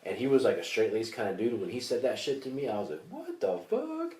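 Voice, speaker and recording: A man co-hosting a comedy podcast, telling a story in a casual, animated way with plenty of swearing. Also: lowish voice, fast. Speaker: podcast co-host. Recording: echoey room, distant mic, faint hiss.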